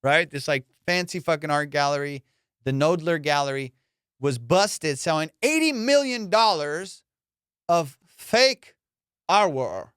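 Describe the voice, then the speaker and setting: High-voiced ranting comedian host, crisp dry sound. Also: male voice, a little slow, no echo. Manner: animated, profane, rants with mock voices. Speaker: podcast host. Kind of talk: casual comedic chat.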